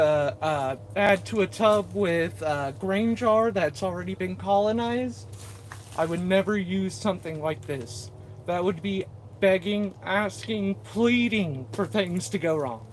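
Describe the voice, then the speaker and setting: Man, high voice, unhurried, slightly out of breath, casual live-stream chatter, faint hum behind. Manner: chatty, reads viewer comments aloud, self-deprecating. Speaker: mushroom grower streaming live. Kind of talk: casual live-stream talk while working. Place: indoors at a mushroom-growing workspace. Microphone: camera set up nearby, moves in and out of frame.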